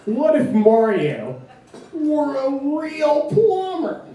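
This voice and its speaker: A young man doing a stand-up comedy set in a club, with a halting, deadpan delivery full of fillers. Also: very high-pitched. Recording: distant mic in echoey club with crowd. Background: audience laughter.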